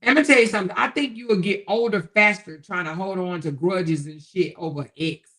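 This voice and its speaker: A woman's voice: fairly low pitch, a little fast, a bit bright. A middle-aged woman hosting a casual livestream, reading viewer comments in a folksy way, calling listeners baby and honey and chuckling often. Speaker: livestream host.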